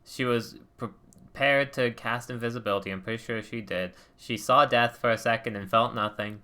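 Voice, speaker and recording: A man casually chatting and recapping a tabletop game session in an animated, rambling way. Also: medium pitch, moderate pace.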